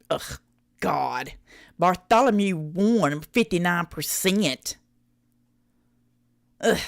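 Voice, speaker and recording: A woman with a rural Southern US accent streams live to her chat. Her voice swings up and down in lively pitch and sounds close and dry. She talks in a blunt, folksy way, swears freely and laughs often. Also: dry recording. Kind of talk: casual live reaction stream.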